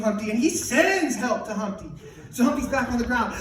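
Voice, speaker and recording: A man in his thirties from Canada doing stand-up comedy on a club stage, excitable and animated, often bursting into shouts. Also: very high-pitched, a little fast, very noisy. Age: 30s. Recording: echoey club from far off, loud crowd laughter. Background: audience laughter.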